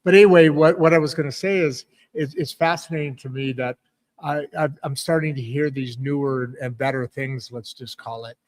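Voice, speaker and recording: A man's voice: mid-range voice, moderate pace. A man hosting a podcast, chatting casually in an upbeat, rambling way with plenty of ums and restarts. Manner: rambling, upbeat, lots of fillers. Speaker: podcast host. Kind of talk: casual chat.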